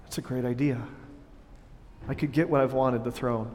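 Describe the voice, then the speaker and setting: A loyal young prince, as a preacher puts him on, speaking low and hushed in disbelief, with a long reverb hanging in a big hall. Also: male voice, fairly even intonation, moderate pace, lightly acted.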